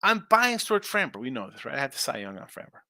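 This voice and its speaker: A man's voice: medium pitch, very animated, sharp tone, dry recording, studio quality. A man hosting a sports betting show, chatting casually and sarcastically while reading viewer comments. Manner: brash, fast-talking, sarcastic. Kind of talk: casual live-stream talk, reading chat.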